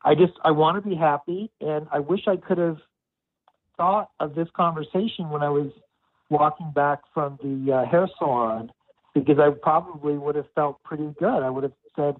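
Casting: man, slightly high voice, halting and reflective, heard over a tinny phone line. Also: no room sound. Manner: hesitant, halting, self-reflective. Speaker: client. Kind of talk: counseling conversation.

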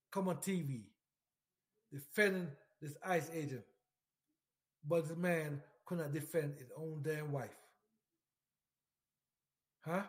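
A man, a military veteran, ranting in emphatic political commentary, repeating himself, swearing and firing questions straight at the listener. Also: a little high. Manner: emphatic, repetitive, profane, lots of direct questions at the listener.

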